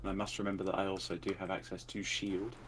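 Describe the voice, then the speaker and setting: A man's voice: deep voice, level tone, quick pace, fairly bright tone, slight background noise. A man playing a tabletop game, thinking aloud and muttering as he rolls dice. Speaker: player.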